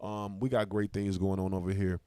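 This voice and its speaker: A man hosting a casual podcast, talking fast and emphatically as he argues his points and plugs the show. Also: low-pitched, little pitch movement, a little mellow, clear, resonant tone, no room sound, clean studio sound. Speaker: podcast host. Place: small indoor studio.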